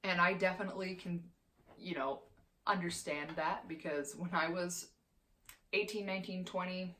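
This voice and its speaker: A woman's voice: lowish voice, fairly even intonation, moderate pace, pushed and bright, slight background noise. A woman in her twenties ranting as a vlogger, heated and profane, swearing constantly. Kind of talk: heated opinion rant.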